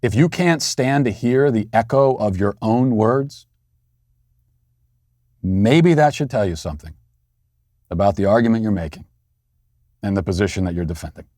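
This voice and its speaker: A man's voice: fairly low pitch, lively intonation, normal speed, long pauses, darkish tone, no echo, clean studio sound. A man in his thirties hosting a political commentary show, talking in an indignant, emphatic and sarcastic way. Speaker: host.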